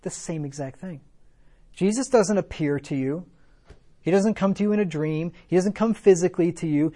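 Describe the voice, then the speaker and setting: A man's voice: high-pitched, normal speed, warm tone. A man preaching a sermon, reading scripture aloud and asking rhetorical questions, building to fervent emphasis. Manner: conversational asides with rhetorical questions.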